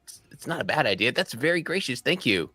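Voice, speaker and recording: A man playing a tabletop game in character, gentle and hesitant. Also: medium pitch, very animated, fast talker, faint music behind. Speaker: player.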